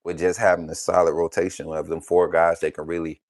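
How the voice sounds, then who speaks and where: A man's voice: low voice, flat delivery, a little fast, darkish tone, no room sound, studio quality. A young man hosting a live college football stream, talking loosely with many fillers and restarts. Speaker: host of a college football channel. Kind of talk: casual live-stream talk.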